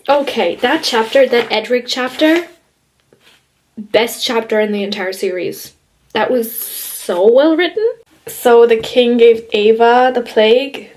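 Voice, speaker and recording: In a casual reading vlog, this woman keeps up an emotional, gushing commentary on her book, laughing often. She speaks in a fairly high voice that's a little mellow.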